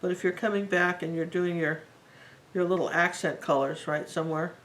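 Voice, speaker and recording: A woman's voice: fairly low pitch, fairly even intonation, moderate pace, rough recording. A woman teaching a live painting tutorial, talking in a chatty and rambling way as she works. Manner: chatty, rambling and warmly enthusiastic. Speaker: art teacher.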